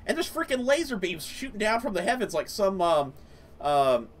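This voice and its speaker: A man's voice: high-pitched, very animated, moderate pace. A man hosting a gaming channel, rambling through casual let's-play commentary with many fillers. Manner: rambling, lots of fillers and laughs.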